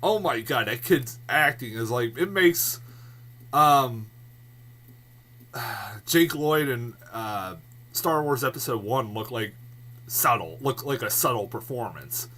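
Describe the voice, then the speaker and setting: A man giving a casual, rambling movie review vlog, swearing freely, laughing often and getting loud and worked up. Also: mid-range voice, lively intonation, takes it slowly.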